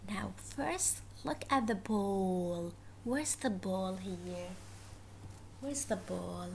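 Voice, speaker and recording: A woman teaching English to young children, repeating simple words slowly and encouraging her pupils. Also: medium pitch, animated, creaky, darkish tone, slight background noise. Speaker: first-grade English teacher.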